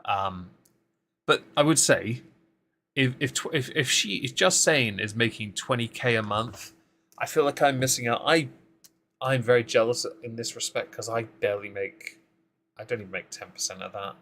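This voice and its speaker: A man's voice: mid-range voice, moderate pace, fairly bright tone, a little hiss or hum. A man hosting a casual live-stream commentary, talking with dry, sarcastic asides and frequent ums as he greets chat and reads through posts.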